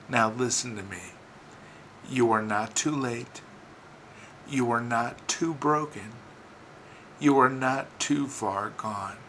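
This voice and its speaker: A man's voice: mid-range voice, slow pace, pauses often, sharp tone, slight background noise, low-quality recording. A man giving an inspirational sermon, speaking in rhythmic, repeated phrases that build to emphatic rises. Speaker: preacher.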